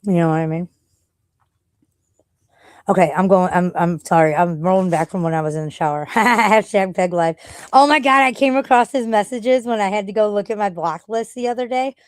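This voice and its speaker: A woman's voice: medium pitch, a little fast, clear, resonant tone. A woman live streamer chatting casually and rambling, blunt and profane, often laughing.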